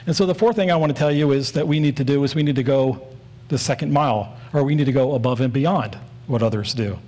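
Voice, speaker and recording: A man's voice: medium pitch, quick pace, a little mellow. A man in his forties preaching a sermon in an earnest, storytelling way, leaning on repeated phrases.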